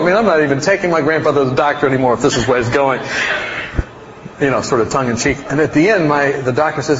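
A man's voice: medium pitch, quick pace, crowd noise. A man preaching a storytelling sermon to a congregation, folksy and rambling, with self-mocking humor. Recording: roomy hall, dull sound, faint noise.

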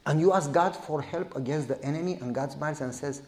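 With a slightly high voice, the man preaches fairly quickly and with few pauses. His sermon lurches between loud exclamations and soft asides, and he voices the people in his stories.

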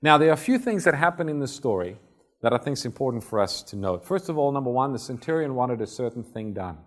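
A man's voice: mid-range voice, sing-song, fast. Man preaching a conversational sermon. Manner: conversational, acts out Bible scenes.

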